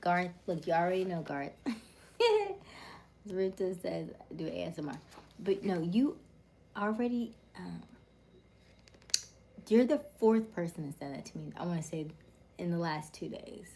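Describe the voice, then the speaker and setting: A woman hosting a casual live stream, chatting with viewers in a soft, soothing, warm and calm voice that often sinks to a near whisper. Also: on the low side, a little slow, creaky, long pauses.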